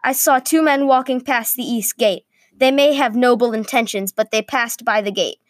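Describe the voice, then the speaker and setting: A woman's voice: on the high side, moderate pace, no room sound, studio quality, pitched above the performer's own voice, lightly acted. A woman voicing a blunt young male watchtower guard with an injured leg, calling out across the walls. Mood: urgent. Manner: shouted across distance.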